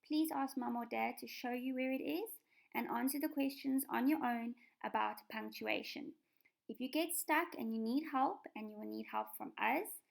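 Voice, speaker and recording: Woman, primary school teacher, patient and clear, strong vocal fry, pitched a little high. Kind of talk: recorded remote lesson for children.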